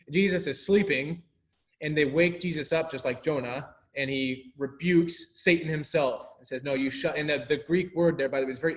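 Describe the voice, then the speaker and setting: A man teaching a casual Bible class, animated and laughing often, acting out the people he quotes. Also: on the high side.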